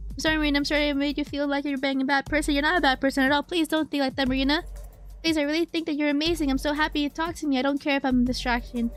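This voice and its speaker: A woman's voice: sits high, fairly even intonation, very fast, soft background music, lightly acted. Woman doing a lonely young man begging. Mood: pleading. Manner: pleading, repetitive, breathless begging. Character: lonely desperate young man, clingy and self-loathing. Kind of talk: reading game dialogue aloud.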